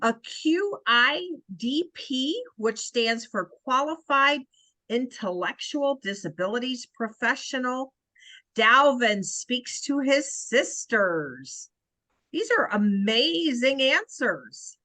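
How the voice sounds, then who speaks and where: A woman co-leading a virtual training, slowly reading out and praising participants' answers. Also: sits high, lively intonation, no room sound, low-quality recording. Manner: slow, warm reading of group answers. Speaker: co-facilitator. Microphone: video call.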